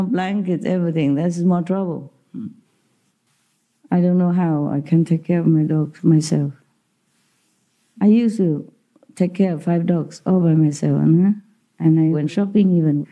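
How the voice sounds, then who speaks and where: A woman with a low voice tells stories in a chatty way, often breaking into laughter. Her English has non-native grammar, and her tone is deeply mellow and soft-edged. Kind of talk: casual storytelling talk.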